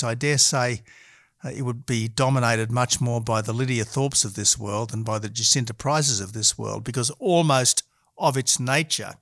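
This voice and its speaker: A middle-aged Australian man, a politician being interviewed, who argues in a measured way and often hesitates. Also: medium pitch, a bit bright, no room sound, studio quality. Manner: measured and argumentative, frequent hesitations. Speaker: politician guest.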